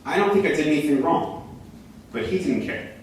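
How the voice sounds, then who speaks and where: A young man telling a comic story live on a small theater stage, animated and rising to near shouts at the big moments. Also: on the high side, moderate pace, slight background noise. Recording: echoey room from a distance.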